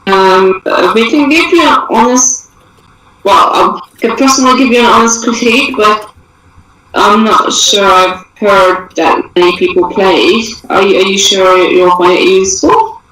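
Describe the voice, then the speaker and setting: A woman's voice: mid-range voice, a little slow, a bit bright, slight background noise. A woman playing her character at a tabletop game, speaking politely and hesitantly. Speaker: player. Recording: echoey distant room mic.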